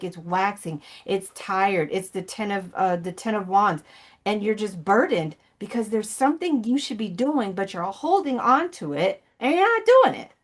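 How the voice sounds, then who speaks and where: A woman ministry coach giving an emotional motivational talk, earnest and pleading, blunt and sometimes profane, rambling with many fillers and restarts. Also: mid-range voice.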